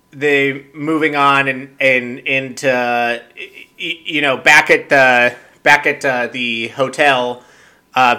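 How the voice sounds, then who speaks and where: A man's voice: medium pitch, sharp tone. A man hosting a podcast, recapping a show in a rambling, profane and exasperated way, full of fillers and restarts. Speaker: podcast host. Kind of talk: casual recap chat.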